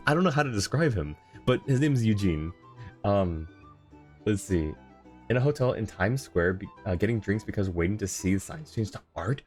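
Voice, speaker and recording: A man's voice: lowish voice, expressive, moderate pace, soft background music. A man streaming a game, chatting casually with viewers, rambling and laughing often. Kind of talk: casual live-stream chat.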